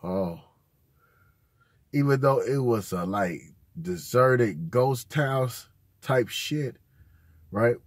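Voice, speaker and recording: A man's voice: medium pitch, lively intonation, extremely slow, pauses often, breathy edge, no echo, clean studio sound. Profane man telling rambling stories. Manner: profane, rambling, heavy slang. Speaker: channel host. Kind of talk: casual storytelling.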